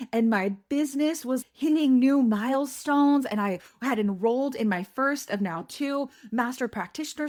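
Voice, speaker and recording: A woman in her thirties hosting a podcast, telling a personal story in a candid, animated way and quoting people in lively voices. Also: a little high. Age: 30s. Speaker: podcast host.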